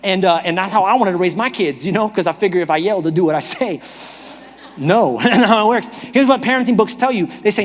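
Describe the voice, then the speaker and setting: Animated high-voiced pastor preaching. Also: male voice, a little fast. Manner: animated, humorous storytelling, shifts from shouting to whispering. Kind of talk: sermon. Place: church auditorium. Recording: reverberant church hall.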